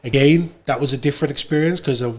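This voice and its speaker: An English man, a radio presenter, chatting casually as a podcast guest, telling stories in a relaxed way and acting out the people he quotes. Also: medium pitch, fast talker. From England. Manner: relaxed storytelling, animated when quoting others. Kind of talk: casual conversation.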